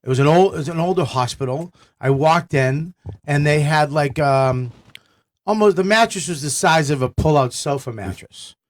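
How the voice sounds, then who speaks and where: A middle-aged man, a comedian telling stories on a talk show, excitable and swearing a lot. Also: fairly high pitch, moderate pace. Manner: excitable, swears a lot, shouts in quoted outbursts. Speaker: guest comedian. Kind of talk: animated storytelling chat.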